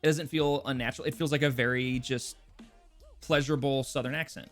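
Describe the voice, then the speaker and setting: A man from California hosting a podcast, chatting casually, quick to agree and thoughtful. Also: medium pitch, steady tone, soft background music. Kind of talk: casual chat.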